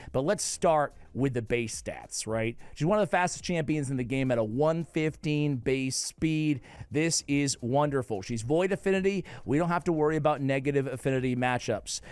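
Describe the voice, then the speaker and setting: A man with a New England accent giving casual gaming commentary, playful and jokey with sudden excited outbursts. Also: on the high side, smooth, no room sound. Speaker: game guide creator.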